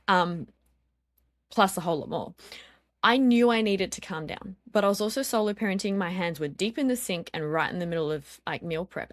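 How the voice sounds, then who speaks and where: An earnest woman in her thirties with a fairly low voice, sharing parenting stories on a podcast. She leans on ums and likes as she thinks aloud. The sound is close and dry, with no room around her. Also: dry recording. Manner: earnest, storytelling, frequent "um" and "like". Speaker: interview guest, parenting speaker. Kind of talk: reflective podcast conversation.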